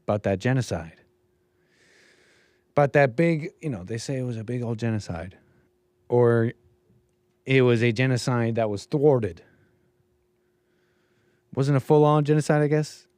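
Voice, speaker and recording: A man's voice: medium pitch, a little slow, long pauses, a little mellow, dry recording. Rambling man hosting a livestream. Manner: rambling, musing, trails off mid-thought. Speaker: show host. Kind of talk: livestream commentary.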